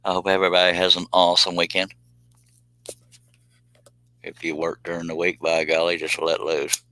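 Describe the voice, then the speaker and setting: A man's voice: sits low, completely flat delivery, moderate pace, sharp tone, no room sound, poor audio. Man chatting on a live stream. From United States. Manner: rambling and joking, drifting into tangents. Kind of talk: casual live-stream chat with viewers. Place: home streaming space.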